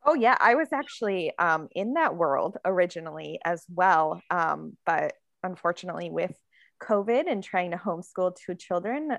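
A woman author chats easily in a podcast interview, laughing often and padding her answers with fillers. Her voice is a little low for a woman and has a gravelly edge. The close mic gives a dry sound with almost no room in it. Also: animated, normal speed, dry recording. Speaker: author guest. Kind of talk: casual interview chat.

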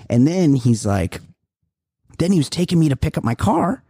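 A man's voice: medium pitch, animated, quick pace, warm tone, breathy edge, dry recording, clean studio sound. A man co-hosting a comedy podcast, swearing a lot and rambling through stories. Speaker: podcast co-host. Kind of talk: casual comedy podcast banter.

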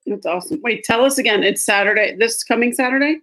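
A woman's voice: a little high, quick pace, fairly bright tone. A woman co-hosting an interview, upbeat and asking questions. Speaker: co-host. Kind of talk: casual interview chat.

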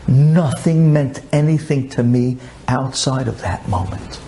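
Man preaching with dramatic hushes. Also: medium pitch, unhurried, a little hiss or hum. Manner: dramatic swings from hushed to soaring. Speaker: religious speaker. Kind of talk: emotional sermon storytelling.

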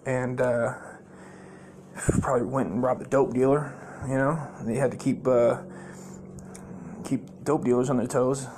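Profane rambling comedian telling stories. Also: male voice, medium pitch, darkish tone, slight background noise. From United States. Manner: profane, rambling storytelling with many fillers. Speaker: podcast host, comedian.

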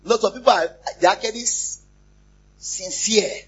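A pastor, preaching a lively sermon, repeating phrases and joking with the congregation. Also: male voice, high voice, moderate pace, slightly rough. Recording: muffled, lo-fi church recording.

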